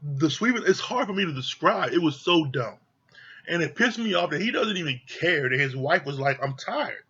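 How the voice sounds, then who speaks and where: A man with a slightly high, husky voice rants through a reality TV review, swearing freely and hammering each point home. He sounds fed up and emphatic, and the recording comes across dull and lo-fi. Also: lively intonation, normal speed, bright, forceful tone. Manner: profane, exasperated, emphatic repetition. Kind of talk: heated review rant.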